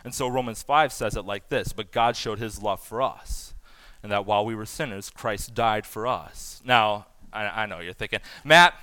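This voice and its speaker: A man in his thirties preaching a sermon to first responders, animated and acting out imagined voices. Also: lowish voice, normal speed, dry recording. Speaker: pastor.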